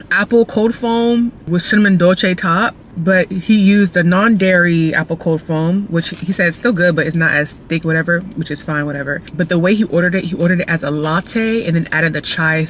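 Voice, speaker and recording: A woman chatting casually to her viewers in a vlog, telling stories in an animated, slangy way while out running errands. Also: fairly low pitch, moderate pace, a little hiss or hum. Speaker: vlogger.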